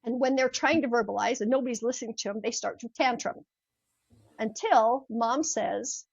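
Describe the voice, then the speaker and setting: A woman's voice: a little high, normal speed, vocal fry, husky, dry recording, lo-fi sound. An older woman, a mindset coach, telling a personal story in an interview and acting out the voices in it. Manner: animated, acts out voices in her stories. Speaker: podcast guest, mindset coach.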